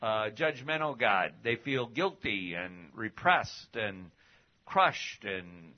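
A man's voice: lowish voice, lively intonation, slow pace. A middle-aged man, a pastor teaching a class in a conversational sermon style, folksy and full of rhetorical questions, on a dull lo-fi recording.

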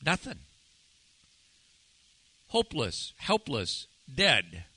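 A male pastor delivering a sermon in a very bright, forward voice that rings clearly. He talks slowly and keeps putting questions to the congregation, easing into a hushed, drawn-out delivery on the words that matter most. The sound is close and dry. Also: medium pitch, wildly swooping pitch, no room sound, poor audio. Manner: asks the audience many rhetorical questions.

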